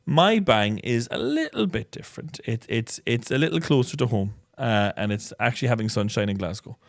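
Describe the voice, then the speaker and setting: A man's voice: medium pitch, expressive, fairly quick, creaky, no echo. Guy telling stories on a podcast, cheeky, dry close mic. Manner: storytelling, teasing, cheeky humour. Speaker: podcast co-host. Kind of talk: casual chat.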